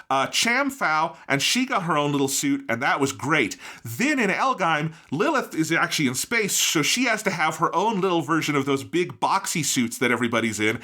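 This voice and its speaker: An excitable man co-hosting an anime review podcast. His voice is bright and tense and sits a touch high. He swears freely and builds to playful outrage. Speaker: podcast co-host. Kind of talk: casual review chat.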